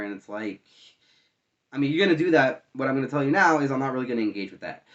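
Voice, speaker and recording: An online commentator with a mid-range voice argues his views to his viewers in a casual, rambling monologue. He speaks conversationally and argumentatively, with frequent fillers and restarts. The recording sounds muffled.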